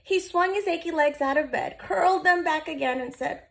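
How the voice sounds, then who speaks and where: A woman in her thirties, a teacher, reading a children's picture book aloud in an expressive, gentle voice and talking directly to her young listeners. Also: very high voice, normal speed, gravelly. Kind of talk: storybook read-aloud for children.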